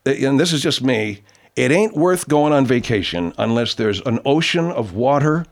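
A man's voice: mid-range voice, expressive, moderate pace, gravelly. A man hosting a radio show in casual banter, rambling, easygoing and freely profane. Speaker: radio host.

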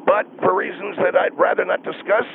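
A man's voice: sits high, steady tone, brisk, vocal fry, a little hiss or hum. Needling man on a tinny phone line. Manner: needling and sarcastic. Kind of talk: comedic talk radio banter.

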